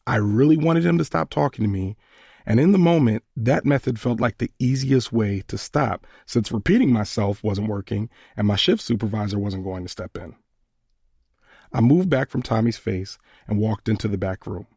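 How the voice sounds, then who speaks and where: A man hosting a podcast, retelling a personal story in a measured, earnest way. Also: lowish voice, creaky, a little mellow, breathy edge, dry recording, clean studio sound.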